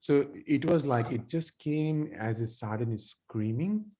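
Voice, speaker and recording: A man's voice: medium pitch, a little slow, mellow, pitched above the performer's own voice, close to an everyday voice. A man playing a worried father of a sick young son in a medical exam role-play, answering hesitantly. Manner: hesitant, concerned replies.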